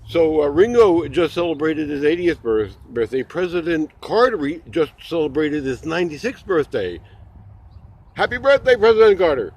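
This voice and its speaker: A man's voice: a little high, very animated, moderate pace, a little mellow. A man doing a rambling comedy monologue, full of stammered restarts and jokey asides.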